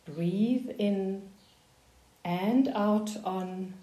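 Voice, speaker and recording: Slow, calm woman coaching voice warm-ups. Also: medium pitch, echoey room. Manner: slow, calm, soothing guidance. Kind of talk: guided voice warm-up instruction.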